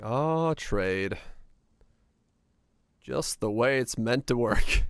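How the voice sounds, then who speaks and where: Smooth-voiced joking male game streamer. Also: medium pitch, animated, very slow, no echo. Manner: rambling, joking, muttering to himself; hums and sings nonsense tunes. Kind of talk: casual live-stream chatter.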